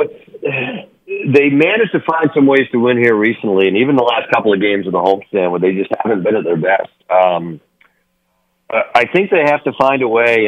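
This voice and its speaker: A man's voice: fairly low pitch, highs cut off. A man, a hockey broadcaster, chatting by phone on a sports radio show, rambling with many fillers and restarts.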